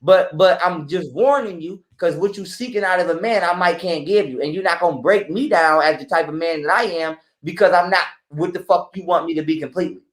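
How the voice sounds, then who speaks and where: A man's voice: on the high side, a little fast, hardly any pauses. Blunt, profane man in an echoey room. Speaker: podcast guest. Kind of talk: casual live-stream talk.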